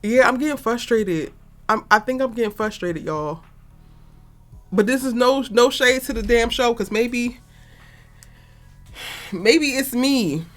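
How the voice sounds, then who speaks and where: A woman reviewing a TV episode in a casual, animated and exasperated way, talking straight to her viewers. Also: fairly high pitch, measured pace, pauses often, faint music behind. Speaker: TV review vlogger.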